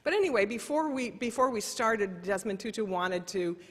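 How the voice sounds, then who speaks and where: Husky middle-aged woman in a reverberant hall. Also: mid-range voice, lively intonation, normal speed. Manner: earnest, anecdotal, self-correcting. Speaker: keynote speaker. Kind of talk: conference keynote, personal storytelling. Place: large conference hall. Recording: long reverb of a conference hall.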